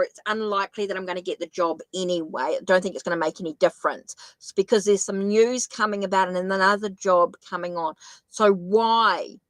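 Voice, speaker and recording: A woman with a New Zealand accent gives a tarot reading on a live stream, thinking aloud and correcting herself as she goes. Her voice is medium-pitched, and the recording is dry and rough.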